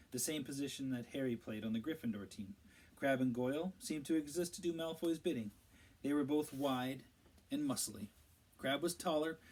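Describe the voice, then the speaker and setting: A man narrating a storybook aloud in a steady, measured read-aloud style. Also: medium pitch, rough recording. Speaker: audiobook reader.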